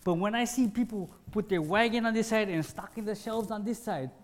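A man giving an informal spiritual teaching, animated and self-deprecating, acting out everyday scenes in short, punchy phrases. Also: high voice, fairly quick.

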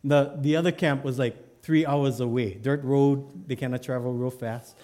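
Animated storytelling pastor, a man. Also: medium pitch, moderate pace. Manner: animated storyteller, shifts from loud to hushed. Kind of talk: sermon, telling a joke story.

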